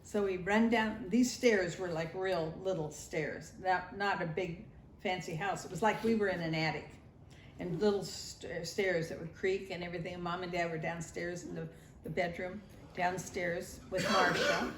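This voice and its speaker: A woman's voice: fairly low pitch, steady tone, moderate pace, a little hiss or hum. An older woman telling a family interview about her childhood in a nostalgic storytelling manner. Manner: warm storytelling, nostalgic, acts out family voices. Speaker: grandmother sharing family memories. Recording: roomy echo, faint ambience.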